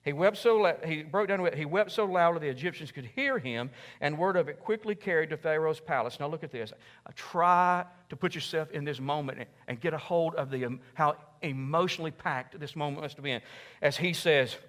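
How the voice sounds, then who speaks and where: A male pastor preaching a sermon and telling a story in an animated way, swinging from hushed to loud. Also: fairly high pitch, brisk. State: overheated in a sweatshirt.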